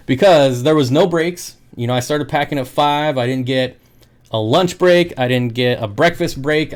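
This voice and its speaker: A man's voice: mid-range voice, clear, resonant tone. A man who sells aquarium fish, chatting casually on his livestream, joking and laughing often. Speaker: aquarium fish seller and streamer.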